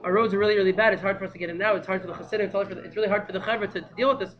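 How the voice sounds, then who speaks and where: A man's voice: high-pitched, steady tone, dull audio, lightly acted. A man doing a humble old rebbe, hesitant. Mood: humbly pleading. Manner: hesitant, polite, halting requests. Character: humble elderly male Hasidic rebbe, pleading.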